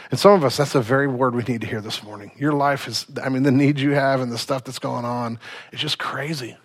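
A man's voice: medium pitch, brisk. A man preaching a sermon as a pastor, casual and conversational with slangy asides.

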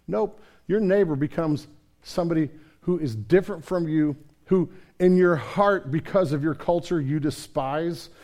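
A male pastor delivering a sermon in a folksy, conversational way. His voice sits a little higher than most men's. He swings between quiet, hushed passages and loud, passionate ones.

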